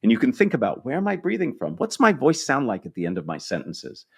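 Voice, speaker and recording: A man's voice: mid-range voice, huge pitch swings, fast, creaky, slightly rough. A man guesting on a podcast interview, explaining communication tips in a coaching tone with small restarts.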